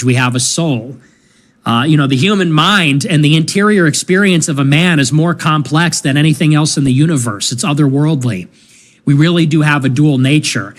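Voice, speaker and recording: A man delivering a measured, lecturing philosophical monologue. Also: mid-range voice. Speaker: commentator in a played clip.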